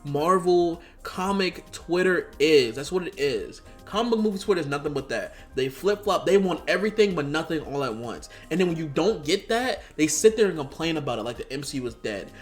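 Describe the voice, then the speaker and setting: High, animated ranting man. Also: brisk, hardly any pauses. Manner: exasperated, sarcastic, profane rant; mocks critics in quoted asides. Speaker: YouTube commentator. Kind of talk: ranting commentary video. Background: faint background music.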